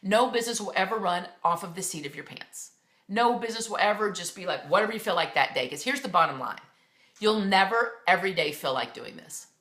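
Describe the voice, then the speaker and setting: A woman's voice: medium pitch, expressive, fairly quick, a bit bright, roomy sound. A woman in her thirties, a fitness coach leading her team, giving a fervent, blunt motivational pep talk on a team call.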